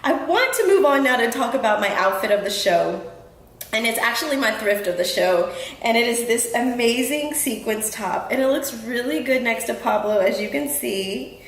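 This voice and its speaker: A woman's voice: on the high side, lively intonation, normal speed, slight background noise. Chatty woman host in an echoey room. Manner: chatty, earnest, lots of ums and restarts. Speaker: podcast host. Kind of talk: casual talk to the audience. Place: home room in Houston.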